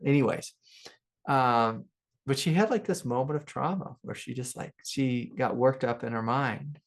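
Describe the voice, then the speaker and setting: A middle-aged man, a spiritual teacher, telling a personal story in a relaxed, rambling way with many fillers and soft laughs. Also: mid-range voice, normal speed, vocal fry. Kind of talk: relaxed satsang talk with personal stories.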